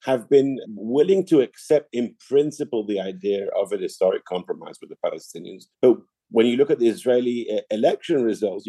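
A middle-aged man answering interview questions in a measured, explanatory way, often restarting his sentences. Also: on the low side, warm tone, husky, no room sound. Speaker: interview guest, political analyst.

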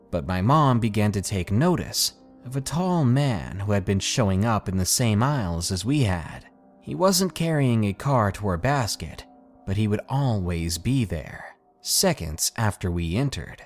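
A man reading first-person scary stories in a steady, scripted narration with dramatic pauses. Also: on the low side. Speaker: storyteller reading submitted stories.

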